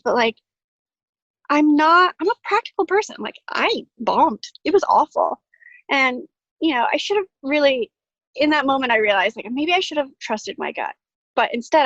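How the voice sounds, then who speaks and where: A woman's voice: on the high side, fairly bright tone, no echo, muffled recording. A woman telling a personal story in a casual, self-deprecating way, with lots of "like" fillers, over a video call from her greenhouse. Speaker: storyteller guest.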